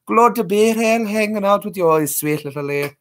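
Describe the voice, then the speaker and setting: A man's voice: high-pitched, animated, moderate pace, voice pushed up. A man putting on the voice of a sweet, chatty old Scottish woman with a put-on Scottish accent. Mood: doting.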